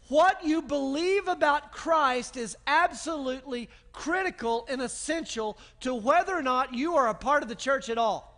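A man's voice: very high-pitched, animated, slow pace, a bit bright. A man pastor preaching a sermon in an emphatic manner, building long repeated lists.

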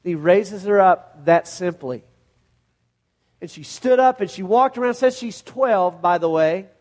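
In a high voice at a measured pace, the middle-aged pastor preaches, animatedly narrating a Bible story and acting out its scenes with different voices.

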